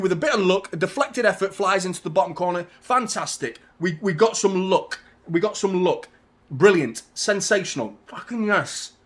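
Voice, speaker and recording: A man hosting a live football watchalong, talking casually to his audience, often swearing and getting loud and frustrated about the match. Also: high voice, normal speed. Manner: ranting, swearing, frustrated, shouting when excited. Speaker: football channel host.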